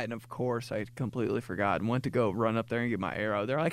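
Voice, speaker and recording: A man's voice: medium pitch, fast, hardly any pauses, slight background noise. A man in his late twenties riffing casually in a comedic monologue, rambling with lots of filler words and restarts. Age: late 20s. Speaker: podcast host.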